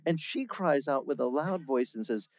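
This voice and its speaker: A man preaching a sermon, teaching through a Bible passage in a lively, conversational way. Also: medium pitch, normal speed, no room sound. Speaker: pastor.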